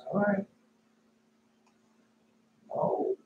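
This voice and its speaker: A man's voice: very slow, narrow, tinny audio. Emphatic preacher man in an echoey room. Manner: emphatic with rhetorical questions and repetition; pitch jumps sharply on emphatic words. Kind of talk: informal sermon with scripture reading. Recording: echoey room with faint noise.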